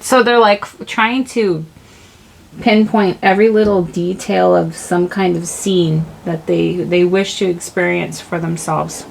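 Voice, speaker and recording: Gravelly-voiced woman giving a tarot reading. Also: lowish voice, steady tone, a little slow, slight background noise, low-quality recording. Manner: rambling, searching for words, full of "like" and "you know". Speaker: tarot reader. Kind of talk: casual spiritual reading.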